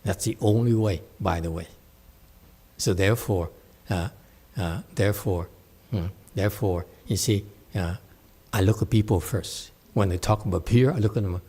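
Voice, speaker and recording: A man's voice: fairly low pitch, normal speed, dark tone, breathy edge. A man leading a meditation question-and-answer session, talking casually and playfully and laughing often. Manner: playful, laughs often, acts out quoted voices. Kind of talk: casual Q&A talk. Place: temple hall.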